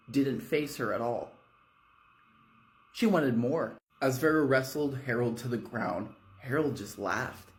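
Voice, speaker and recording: A man narrating a horror story in a casual, swearing storytime manner, speaking from a hotel room. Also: mid-range voice. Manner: casual, swearing, fillers like 'you know'.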